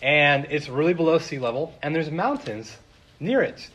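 A man's voice: fairly high pitch, expressive, moderate pace, fairly bright tone. A man preaching a sermon, retelling a story in a casual, chatty way with many fillers. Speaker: pastor.

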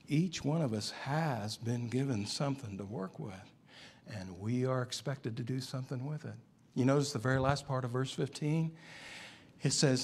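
A man preaching a sermon, emphatic and building to animated climaxes. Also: medium pitch, vocal fry, slightly rough. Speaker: pastor.

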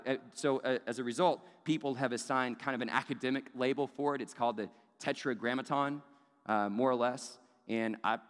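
A male pastor preaching a sermon, moving from casual asides to loud, emphatic peaks. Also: mid-range voice. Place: large church hall. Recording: long hall reverb.

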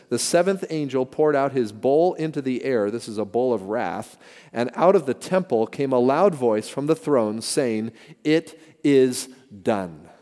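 Older male pastor, mellow warm voice, sermon with long hall reverb, animated storytelling. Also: medium pitch. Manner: animated storytelling with emphatic repetition.

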